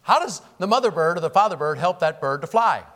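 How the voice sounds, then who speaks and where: A male pastor preaches with a high, expressive voice. He climbs to loud exclamations, then drops to near-hushed asides, and acts out the characters he quotes along the way. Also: fast talker. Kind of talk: sermon.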